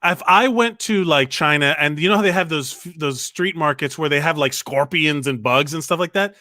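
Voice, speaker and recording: A man co-hosting a comedy podcast, telling a long story in casual chat with quick, animated asides. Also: on the high side, no room sound, studio quality. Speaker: podcast co-host.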